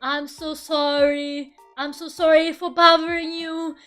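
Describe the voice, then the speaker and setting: A woman voicing an overly apologetic male phone salesman who speaks slowly and keeps saying sorry. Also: high voice, little pitch movement, fairly bright tone, soft background music.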